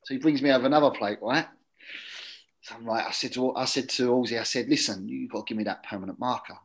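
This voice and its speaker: A man spins a rambling, chatty anecdote in a relaxed interview. His voice sits at an ordinary middle pitch, and he often lets it fall to a low mutter for asides. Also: fast talker, poor audio. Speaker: guest, former footballer. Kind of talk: casual anecdote.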